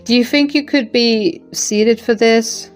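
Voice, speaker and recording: A woman voicing a remorseful middle-aged mother-in-law who speaks gently and apologetically. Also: a little high, slow pace, soft background music, voice pushed up. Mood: worried.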